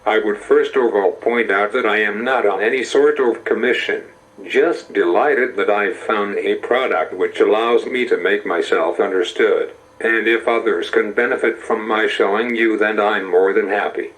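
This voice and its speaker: Slow synthetic American man's voice. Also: fairly low pitch, poor audio. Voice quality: synthetic computer voice. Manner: slow, even, measured delivery. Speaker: narrator. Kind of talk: text-to-speech narration.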